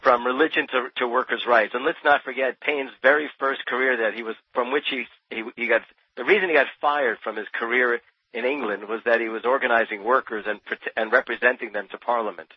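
A man's voice: medium pitch, steady tone, brisk, slightly rough, no room sound. A man from New Jersey, a radio interview guest, speaking passionately and emphatically, often repeating words as he builds a point. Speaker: radio guest, expert on Thomas Paine. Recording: dull, dry lo-fi radio sound.

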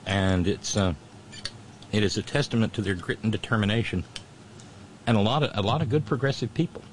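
A male radio host talks straight to his listeners in a loose, meandering way, circling back and restarting his sentences. His voice sits on the low side. A faint hum of room noise runs under him. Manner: rambling, many restarts and fillers. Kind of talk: casual monologue to listeners.

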